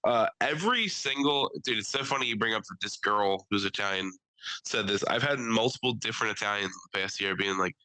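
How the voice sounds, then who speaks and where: A man's voice: fairly quick, smooth, dry recording, poor audio. A young man from the Philadelphia area co-hosting a podcast, chatting casually, swearing freely and often mimicking people. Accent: Philadelphia-area American. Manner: animated, swearing, mimics people in high voices. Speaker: podcast co-host. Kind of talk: casual chat.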